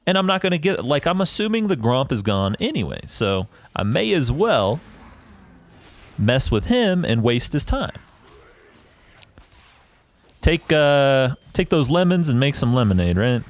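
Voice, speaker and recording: Very animated yet unhurried, a man with a mid-range voice pauses often as he comments on a replay of his own match. The gaming YouTuber rants confidently, swears freely, and analyzes the choices he made.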